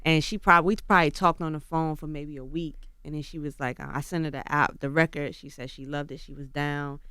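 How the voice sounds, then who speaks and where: A woman's voice: deep voice, fairly even intonation, a little fast, a bit bright, clean tone, dry recording, clean studio sound. A woman rapper as a guest on a radio morning show, chatting casually and telling stories in laid-back slang. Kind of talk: casual interview chat. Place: radio studio.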